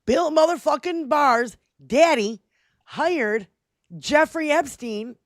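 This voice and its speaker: A high-voiced woman ranting on a political livestream, swearing freely and mocking her target. She talks emphatically, and her voice sounds dry and close, with no room around it. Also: slow pace, no room sound. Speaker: co-host. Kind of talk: heated political livestream chat.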